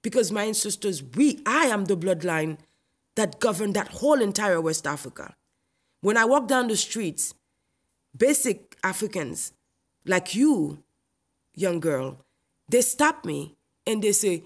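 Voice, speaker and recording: A woman's voice: mid-range voice, lively intonation, moderate pace. A woman comedian, delivering a confrontational comic rant in a haughty, scolding, imperious manner. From Haiti.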